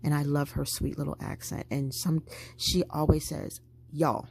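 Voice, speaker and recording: A woman with a low voice and some vocal fry talks at a normal pace, soft music playing behind her. She's a vlogger packing a handbag, chatting casually and animatedly with her viewers as she goes.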